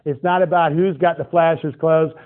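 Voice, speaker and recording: A middle-aged man preaching a sermon, telling stories with animated, excitable bursts. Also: a little high, moderate pace. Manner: animated storytelling, shifts to loud excited outbursts. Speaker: pastor. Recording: tinny phone-like band.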